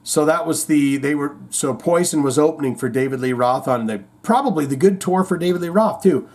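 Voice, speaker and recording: A man's voice: fairly high pitch, brisk, darkish tone. A man hosting a show in casual chat, rambling, reading out viewer comments and telling corny jokes. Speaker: host.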